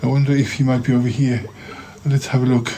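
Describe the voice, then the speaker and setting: A man's voice: medium pitch, fairly even intonation, fast talker, dark tone, natural voice. A man voicing Cromitty, a fussy, dithering inventor who keeps fretting aloud. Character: fretful inventor Cromitty, keeps saying oh dear.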